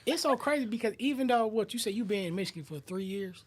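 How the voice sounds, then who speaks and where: A woman's voice: mid-range voice, animated, quick pace. A woman hosting a podcast, chatting in a laid-back, slangy way. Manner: slangy, laid-back, frequent agreeing "mm-hmm". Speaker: podcast host. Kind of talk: casual chat.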